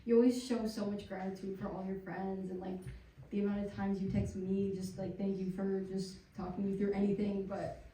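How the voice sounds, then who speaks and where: Earnest flat-toned woman, echoey room. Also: mid-range voice, fairly quick, hardly any pauses. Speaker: friend giving a tribute. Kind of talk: heartfelt casual speech. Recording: echoey room, from far off, noisy.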